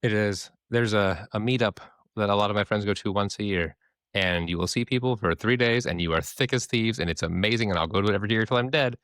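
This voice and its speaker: A podcast co-host, a man with a low voice, talks in a loose, candid ramble and swears freely. He acts out the people in his stories with quick voices of their own. The sound is dry and close. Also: a bit bright, no echo. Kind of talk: casual discussion.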